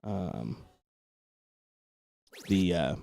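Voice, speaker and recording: A man commenting live on a darts match, chatty and relaxed, often answering with a quick "yep, yep". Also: sits low, vocal fry.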